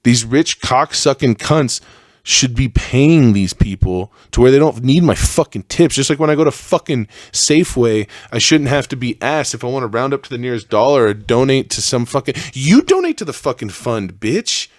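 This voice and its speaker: A young man hosting a solo podcast, ranting with heavy profanity and a voice that climbs higher as he gets worked up. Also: very animated, normal speed, no room sound, studio quality. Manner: profane, heated rant that rises in pitch. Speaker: podcast host.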